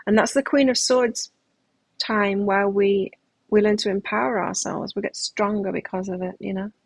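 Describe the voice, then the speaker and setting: A woman's voice: medium pitch, fairly even intonation, normal speed, dry recording, poor audio. A middle-aged woman giving a live tarot reading, talking in a reflective, self-help manner with frequent restarts. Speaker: tarot reader.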